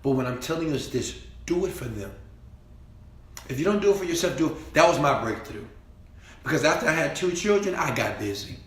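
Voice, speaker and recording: A man giving a preachy motivational speech, repeating himself and swinging between quiet talk and shouting. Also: fairly high pitch, animated, a little fast, echoey room. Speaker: motivational speaker.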